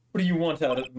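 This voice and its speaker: A man with a fairly high voice, recorded over a noisy background, plays a pompous older lawyer. He's self-important and talks down to the young man he's addressing, calling him "boy" and "son."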